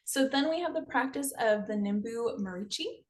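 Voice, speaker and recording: A woman hosting a podcast, telling a folktale in a relaxed, casual way with frequent hesitations. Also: on the high side, normal speed. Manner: relaxed, hesitant, with many ums. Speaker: podcast host. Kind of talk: storytelling in casual chat.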